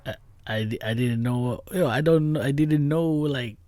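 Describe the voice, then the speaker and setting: A man's voice: mid-range voice, measured pace, warm tone, no echo. Rambling young man with a non-native accent. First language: not English. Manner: rambling, laughing, many fillers and restarts. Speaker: podcast host. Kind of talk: casual storytelling chat.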